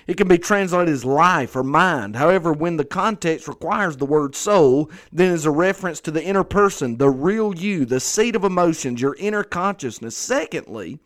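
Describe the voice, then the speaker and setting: A pastor delivering a conversational sermon, earnest and repeating phrases for emphasis. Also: male voice, fairly high pitch, animated, moderate pace, hardly any pauses.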